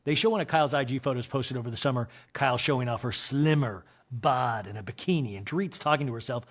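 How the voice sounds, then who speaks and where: A man as a podcast host doing a comedic recap in a chatty, crude, animated way. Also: medium pitch, fast talker, hardly any pauses.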